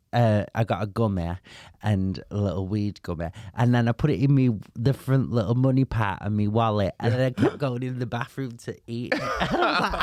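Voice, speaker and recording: A man's voice: mid-range voice, no room sound, studio quality. A young man co-hosting a comedy podcast, telling stories casually, swearing and laughing as he goes. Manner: chatty storyteller, swears, laughs through his lines. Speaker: podcast co-host.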